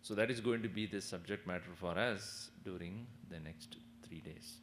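A man's voice: low voice, normal speed, a little hiss or hum. A man giving a spiritual discourse, telling stories, chuckling and asking his listeners questions. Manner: animated, chuckling, asks the audience questions. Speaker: spiritual teacher. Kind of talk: discourse with storytelling.

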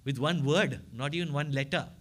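A man delivers a storytelling sermon as a spiritual teacher. He talks in an animated way and keeps checking in with his listeners through short tag questions. His voice sits somewhat above the usual male pitch. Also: normal speed.

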